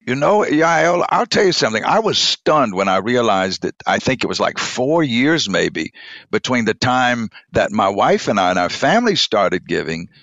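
A man, a church bishop, telling an emotional personal testimony in conversation, his voice dropping low and soft at the moving moments. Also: very animated, moderate pace, creaky, dry recording. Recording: dull lo-fi dry sound.

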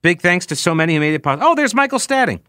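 A man's voice: high voice, very animated, very fast, pushed and bright, no room sound. A man hosting a political talk show, speaking casually and sarcastically while reading listener tweets aloud with frequent asides.

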